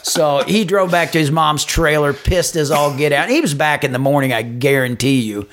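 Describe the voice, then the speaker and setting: A man, co-hosting a casual podcast and telling profane, animated stories. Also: a little high, moderate pace. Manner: profane, animated storyteller who acts out shouted quotes. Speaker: podcast co-host. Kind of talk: casual storytelling chat.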